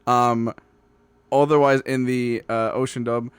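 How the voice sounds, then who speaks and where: A man's voice: medium pitch, little pitch movement, unhurried, clean tone, no room sound. A young man co-hosting a podcast in casual chat, making wry quips and reading out episode titles. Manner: dry quips and laughs, reads episode titles. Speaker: podcast co-host. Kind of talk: casual chat recapping an anime.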